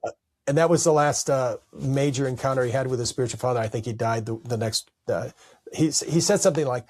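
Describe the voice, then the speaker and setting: A middle-aged man, an Orthodox priest, telling stories in a relaxed podcast conversation and acting out quoted lines. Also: quick pace, no echo. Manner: animated, acts out quoted speech with raised pitch. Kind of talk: storytelling in casual conversation.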